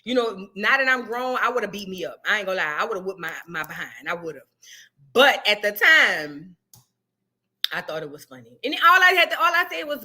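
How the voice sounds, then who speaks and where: New lady chatting on her stream, bright sharp voice, slangy and animated. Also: medium pitch, fairly quick. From New Orleans, USA. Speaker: livestream host. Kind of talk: casual livestream chat.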